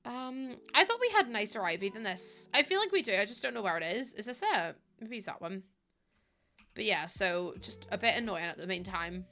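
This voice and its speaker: A woman's voice: medium pitch, very animated, moderate pace, bright, forceful tone, faint music behind. A young woman streaming while she plays a building game, rambling in casual chat with lots of fillers and the odd swear word. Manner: rambling and chatty, with many fillers, swearing freely.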